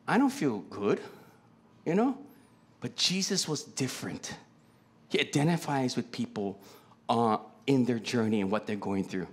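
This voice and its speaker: Pastor, male; animated, very lively pitch, chatty Q-and-A preaching style. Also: a little slow, long pauses. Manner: conversational, asks the congregation many questions. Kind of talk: sermon. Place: church.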